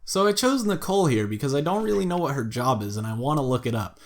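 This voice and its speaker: A man's voice: mid-range voice, quick pace. Chatty man commentating a game. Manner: chatty and amused, reading game text aloud, bursts into excited shouts. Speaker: gameplay commentator. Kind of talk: let's play commentary.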